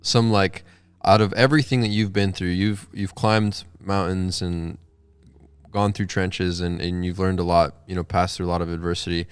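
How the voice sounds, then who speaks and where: Low-voiced man asking rambling questions. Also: steady tone, moderate pace, clear, resonant tone, no room sound. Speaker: interview host. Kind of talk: interview questions.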